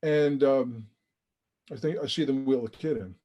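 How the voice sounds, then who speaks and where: A man's voice: medium pitch, moderate pace, warm tone, lo-fi sound. A man who is a guest on a podcast, telling a story with feeling and acting out the quoted dialogue. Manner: emotional, earnest. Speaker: interview guest, charity founder.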